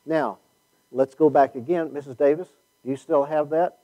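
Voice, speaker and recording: A man teaching a Bible class in a conversational way, thinking out loud and putting questions to his listeners. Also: a little high, fairly even intonation, normal speed, dull audio, noisy background.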